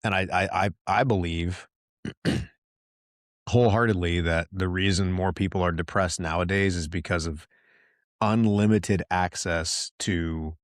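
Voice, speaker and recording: A man's voice: low-pitched, steady tone, unhurried, dry recording, studio quality. A middle-aged man hosting a solo podcast, talking candidly and rambling with lots of restarts. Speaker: podcast host.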